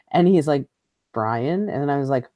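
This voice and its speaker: A woman's voice: deep voice, moderate pace, dry recording, highs cut off. Blunt, profane woman telling a story. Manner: blunt, profane, laughs often mid-story. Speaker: host. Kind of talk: casual storytelling chat.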